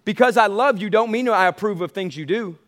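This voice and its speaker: Man with a very high voice, pastor, emphatic sermon, repeats phrases, calls out to the congregation. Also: brisk, fairly bright tone. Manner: emphatic, repetitive preaching with call to the congregation.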